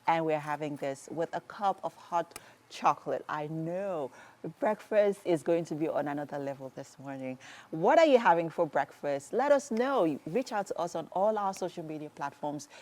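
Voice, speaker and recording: A woman with a Nigerian accent hosting a morning TV cooking segment, chatty and animated, laughing often. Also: low voice. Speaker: morning show host. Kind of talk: lively studio cooking chat. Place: TV studio kitchen.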